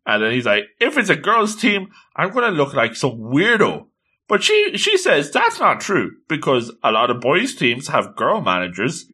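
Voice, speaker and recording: A man casually recapping a manga chapter, animated and full of exclamations. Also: medium pitch. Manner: animated, excitable, exclaims often. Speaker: manga reviewer.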